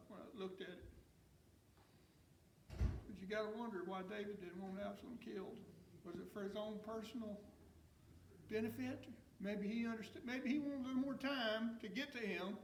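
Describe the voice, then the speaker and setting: A man's voice: high-pitched, creaky. A man teaching a Sunday school Bible lesson, folksy and emphatic, his voice rising when he gets stirred up. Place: church classroom. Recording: echoey room from far off, faint noise.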